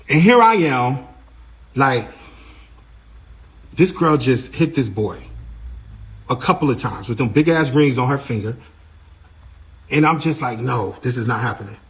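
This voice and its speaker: A man working as a tour manager, telling what happened in a casual, animated way, often repeating himself and acting out what others said. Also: mid-range voice, takes it slowly, long pauses. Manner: animated, repeats himself, acts out quoted voices. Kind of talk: casual storytelling account.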